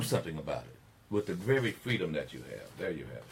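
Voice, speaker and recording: The older call-in radio host has a very low, gravelly, slightly rough voice, speaking fast and with a sing-song quality. He delivers opinions like a preacher, swelling emphatically toward shouting when a point matters to him.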